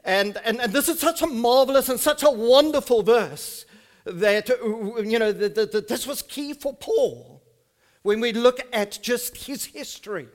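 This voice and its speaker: Man preaching in church, fifties, high voice, slow emphatic scripture reading. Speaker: pastor. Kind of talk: sermon. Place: church service.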